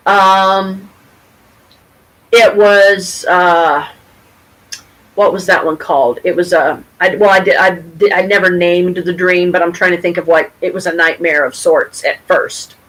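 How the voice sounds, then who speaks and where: Woman livestreamer, rambling, excitable, profane, filler-heavy, mid-pitched voice. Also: low-quality recording. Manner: rambling, swearing, excitable, lots of ums. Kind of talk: casual livestream monologue.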